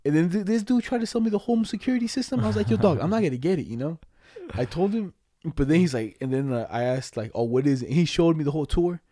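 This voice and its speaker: A young man rattles off a rambling story at a fast clip, full of slang and cursing. His voice is dark and mellow, and the recording is dry and close. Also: fairly high pitch, lively intonation, dry recording. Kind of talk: casual chat.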